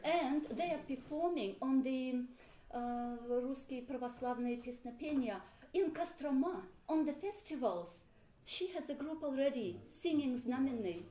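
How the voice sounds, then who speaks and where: Animated woman telling a story in an echoey hall. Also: high voice, unhurried, few pauses. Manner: animated, laughing, acts out quoted voices. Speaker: seminar participant sharing a story. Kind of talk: casual storytelling to a group. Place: monastery hall with a group present. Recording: echoey room, faint background noise.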